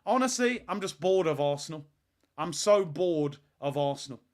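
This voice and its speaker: A man's voice: on the high side, lively intonation, moderate pace, a little mellow. A man, hosting a live football watch-along and ranting in exasperation and sarcasm.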